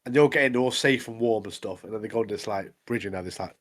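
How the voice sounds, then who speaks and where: A man's voice: on the low side, rapid-fire. A man, co-hosting a podcast and recapping episodes in an easygoing, often laughing way. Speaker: podcast co-host. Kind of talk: casual chat about anime episodes.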